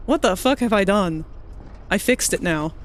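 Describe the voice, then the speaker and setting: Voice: medium pitch, animated, moderate pace, a little hiss or hum. A streamer giving casual live commentary while playing, swearing now and then and picking apart game bugs in technical terms.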